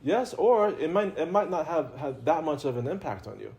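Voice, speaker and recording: Mellow-voiced man giving spiritual talk. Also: fairly high pitch, moderate pace, vocal fry. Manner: conversational and playful, laughs often, repeats himself. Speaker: religious teacher. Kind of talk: informal spiritual talk to a live audience.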